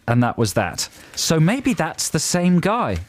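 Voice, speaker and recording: A man's voice: fairly high pitch, huge pitch swings, measured pace, no room sound. A man co-hosting a comic radio show, bantering playfully and reading out listener emails. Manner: playful, laughs often, banters. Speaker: radio co-host.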